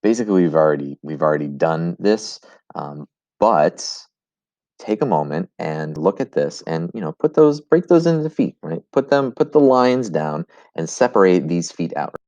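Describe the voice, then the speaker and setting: Very deep-voiced man teaching Latin. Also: sing-song, moderate pace, a little mellow, no room sound, muffled recording. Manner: explains step by step, with fillers and restarts; chants rhythms as "bum, bum". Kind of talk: recorded video lesson.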